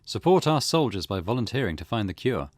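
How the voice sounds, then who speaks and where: A man with a lowish voice narrates his way through a retro mystery game, reading found notes aloud and tossing off relaxed asides. His pitch rises and falls a lot as he goes. The tone is easygoing gameplay commentary. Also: fairly quick. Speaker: let's play host.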